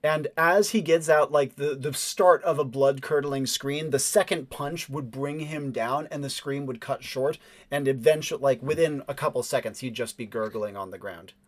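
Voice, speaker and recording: A man's voice: medium pitch, moderate pace. A man narrating as game master of a tabletop game, describing scenes casually with fillers.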